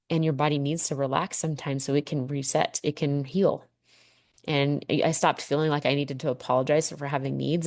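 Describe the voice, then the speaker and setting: A woman's voice: low-pitched, a little mellow, no room sound, studio quality. A woman in her thirties hosting a personal podcast monologue, candid and heartfelt, swearing freely as she reflects. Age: 30s. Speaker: podcast host.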